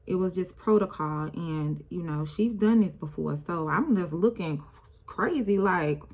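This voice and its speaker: A woman's voice: fairly low pitch, a little slow, a little mellow. A young woman talking through an emotional personal story while doing her makeup, with a casual, rambling, conversational delivery and speech. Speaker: vlogger.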